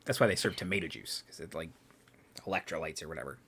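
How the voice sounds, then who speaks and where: A man's voice: low-pitched, quick pace, fairly bright tone, husky. A man joking and rambling through off-topic theories in casual chat with his fellow players during a tabletop game session.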